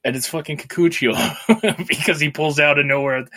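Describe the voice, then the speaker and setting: A man's voice: fairly high pitch, moderate pace, pushed and bright. Rambling man recapping a film. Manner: rambling, swears freely, laughs while retelling. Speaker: podcast co-host.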